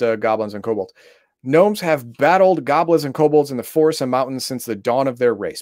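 A man's voice: medium pitch, darkish tone, dry recording, studio quality. Man ranting while reading game rules. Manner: reads rulebook text aloud, then breaks into exasperated, profane rants. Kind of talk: casual chat, reading rules aloud.

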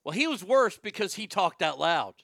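Man, stand-up storyteller, animated and profane, slightly high voice. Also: moderate pace, creaky, no echo, studio quality. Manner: animated, profane, acts out other people's lines. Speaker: stand-up comedian.

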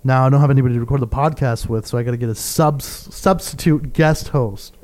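A young man hosting a podcast in casual chat, loud and teasing, swearing freely. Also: medium pitch, brisk, few pauses. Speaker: podcast host.

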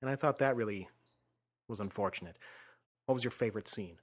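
Hosting a casual talk about films, a man with a lowish voice explains his opinions calmly and measuredly, his phrases fading softly as they end.

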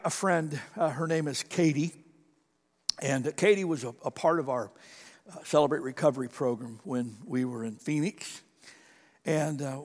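Man, pastor, sermon, high-pitched, loud-to-hushed swings, long hall reverb. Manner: dramatic swings from loud to hushed, retelling a story with quoted voices. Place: church sanctuary.

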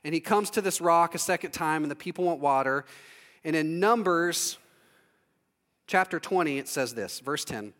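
A man's voice: on the high side, animated, moderate pace, a bit bright, in a large hall. A man preaching a storytelling sermon in a conversational, humorous manner with acted-out asides, recorded in a large sanctuary.

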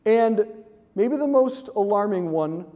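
A man giving an animated, joking talk to a live audience, acting out quick voices. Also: sits high, big-room sound. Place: large hall with audience.

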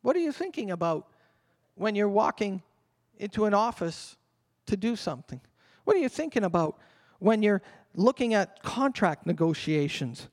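An older man, a pastor, delivering an animated sermon that drops at times to a murmured prayer. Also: high-pitched, moderate pace. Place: church hall. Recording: long reverb of a church hall.

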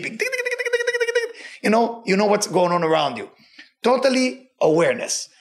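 A gravelly-voiced man with a noticeable non-native accent teaches the weekly Torah portion. He's animated, swinging his pitch up and down and repeating phrases for emphasis.

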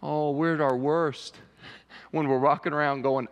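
Pastor preaching in reverberant church. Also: male voice, fairly high pitch, steady tone, moderate pace, dull audio. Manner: conversational preaching, rising to emphatic pleading. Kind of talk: sermon. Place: church sanctuary. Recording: long reverb of a church sanctuary.

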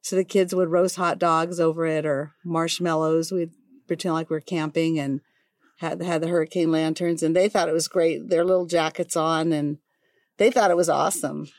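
A woman's voice: sits low, level tone, normal speed, a little mellow, no room sound, clean studio sound. Woman in her sixties sharing a memory. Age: 60s. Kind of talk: storytelling in casual conversation.

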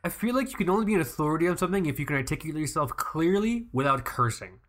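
A man's voice: fairly high pitch, expressive, very fast. A young man co-hosting a podcast in casual chat, rambling with lots of fillers and cursing freely. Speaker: podcast co-host.

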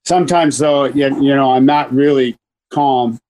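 A man's voice: mid-range voice, moderate pace, a little mellow, rough recording. A man who coaches and manages a baseball team, telling stories in a chatty, rambling way with many restarts on a radio interview.

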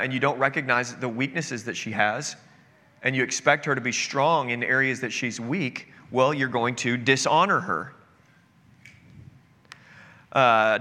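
A man preaching in a church sanctuary, earnest and conversational, slipping into casual asides. His voice is strikingly bright and forceful. Long reverb hangs in the hall around him. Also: medium pitch. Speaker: pastor. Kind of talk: sermon.

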